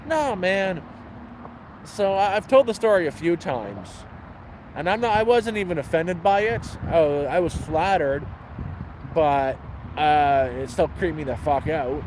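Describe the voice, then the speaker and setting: Blunt, profane man, higher voice. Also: lively intonation, measured pace, darkish tone, a little hiss or hum, low-quality recording. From Canada. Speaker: homeless vlogger answering questions. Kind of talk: casual storytelling. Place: outdoors on a bench by a city street.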